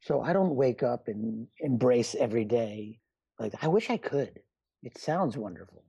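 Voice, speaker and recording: Man, middle-aged, doctor guest, rambling chat, warm husky voice, dull lo-fi sound. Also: medium pitch, lively intonation, normal speed, no echo. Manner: rambling, self-deprecating, restarts often. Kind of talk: casual interview chat. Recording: muffled lo-fi sound.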